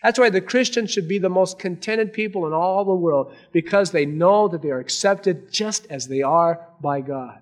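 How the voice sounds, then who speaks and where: A man preaching a sermon to a congregation, earnest, swinging between raised emphasis and hushed, quiet lines. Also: high-pitched, normal speed, few pauses. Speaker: pastor.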